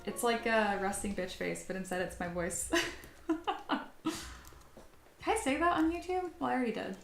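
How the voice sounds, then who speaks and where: A woman's voice: on the high side, expressive, normal speed, creaky, reverberant, faint music behind. Chatty woman streaming while she sculpts. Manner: chatty, self-deprecating, reads chat aloud. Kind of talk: casual live-stream chat while sculpting.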